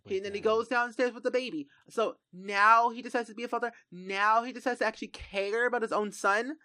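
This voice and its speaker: A woman streamer giving let's play commentary, exasperated and animated, talking straight to the game characters and retelling the drama. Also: on the high side, fairly quick. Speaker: gaming streamer.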